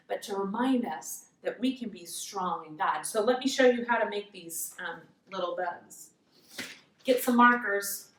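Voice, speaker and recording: A woman teaches a preschool Bible lesson, telling the story in simple, patient sentences for small children. Her voice sits at an ordinary pitch for a woman. The room is echoey and she sounds some distance from the mic. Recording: roomy echo, mic far off.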